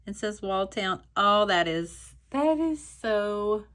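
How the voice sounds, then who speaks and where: A woman's voice: medium pitch, lively intonation, takes it slowly, fairly bright tone. A woman vlogging a stationery haul, chatting through a story, then gushing with emotional, breathless exclamations as she unboxes. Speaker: stationery YouTuber. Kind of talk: casual haul vlog, unboxing.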